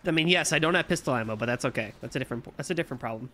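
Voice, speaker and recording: A man's voice: medium pitch, racing, sharp tone, faint music behind. A man streaming a zombie shooter with friends, chatting playfully and telling stories. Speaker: gaming streamer. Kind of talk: casual gameplay chat.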